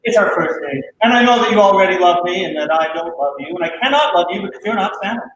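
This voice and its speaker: A man's voice: high-pitched, animated, quick pace, highs cut off, a crowd in the background. A man performing improv comedy over a video call in a playful, mock-earnest way. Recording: echoey home room.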